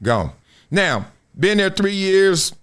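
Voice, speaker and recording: Animated slangy man, lively pitch. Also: takes it slowly, clean tone. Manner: animated, slangy, swings between loud bursts and low mutters. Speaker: sports show host. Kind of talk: casual storytelling monologue.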